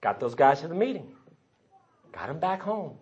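A man's voice: fairly high pitch, big pitch swings, moderate pace, a little mellow, slightly rough. A man giving a recovery testimony, telling his story and voicing the people he quotes. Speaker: recovery meeting speaker. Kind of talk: personal testimony talk. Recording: dull lo-fi recording.

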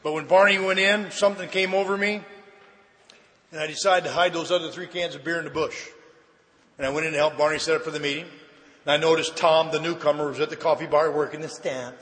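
A man with a bright, forceful, fairly high voice gives a personal testimony at a recovery meeting. He tells it lively and plays out each exchange. The sound rings with the long reverb of a large hall. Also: fast talker. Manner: lively storyteller who acts out the dialogue. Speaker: speaker sharing his recovery story. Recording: echoey hall.

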